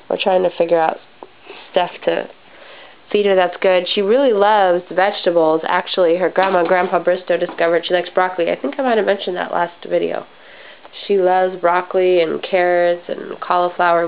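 A woman's voice: lowish voice, slight background noise. A young adult woman chatting casually at home for a family home video, rambling a little with frequent ums. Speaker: mother filming a family update. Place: home living room. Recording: slightly dull lo-fi home video.

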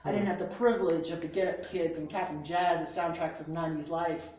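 A woman's voice: sits low, fairly even intonation, a little fast, a little mellow, a little hiss or hum. A woman reciting spoken word poetry at a small live venue, with rhythmic, emphatic delivery. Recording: very echoey room, mic from far off.

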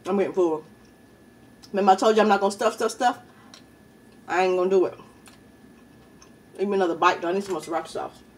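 A woman's voice: mid-range voice, fast talker, pauses often, a little mellow, recorded from a distance, a little hiss or hum. A woman hosting a mukbang video at home, chatting in slang between bites and laughing often. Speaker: YouTube mukbang host. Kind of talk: casual eating-show chat.

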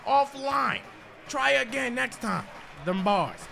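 A man giving hyped gameplay commentary, shouting and trash-talking at the game. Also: very high-pitched, lively intonation, slow, creaky. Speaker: gaming video creator. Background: music.

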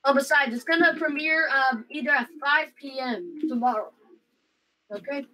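High, bright-voiced woman gamer. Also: poor audio. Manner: quick, hesitant, repeats words. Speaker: roleplay player. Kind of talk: casual game roleplay chat.

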